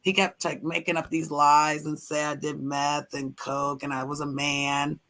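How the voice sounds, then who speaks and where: A woman from Pennsylvania with a Pennsylvania accent, chatting casually and rambling with halting restarts. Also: low-pitched, little pitch movement, a bit bright. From Pennsylvania, United States. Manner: rambling, halting, quick to laugh. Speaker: streamer and guest. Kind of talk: casual chat.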